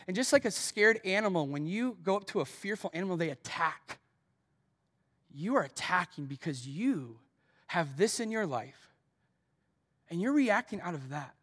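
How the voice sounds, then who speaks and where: Lively, earnest male pastor preaching. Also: high voice, moderate pace. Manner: earnest, asks the congregation direct questions; tells personal stories. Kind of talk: sermon.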